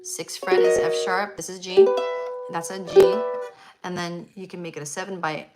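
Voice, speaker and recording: A woman's voice: lowish voice, level tone, normal speed, over loud music, low-quality recording. A woman teaching a live ukulele lesson, counting beats aloud and singing along as she plays. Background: ukulele playing.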